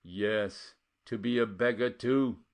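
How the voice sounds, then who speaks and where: A man voicing a weary older woman who talks in a slow, sorrowful way. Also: lowish voice, fairly even intonation, creaky. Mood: cold.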